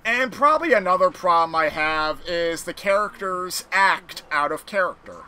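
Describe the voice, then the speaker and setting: Bright, animated man ranting casually. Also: high voice, normal speed. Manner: animated, rambling rant with swearing. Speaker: podcast host playing a video game. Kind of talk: casual gaming chat.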